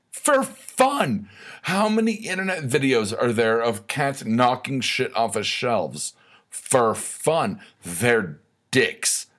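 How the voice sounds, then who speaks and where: A man's voice: mid-range voice, fairly bright tone. A man hosting a comedic rant monologue, sarcastic, profane and rambling. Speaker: host of a weekly rant segment.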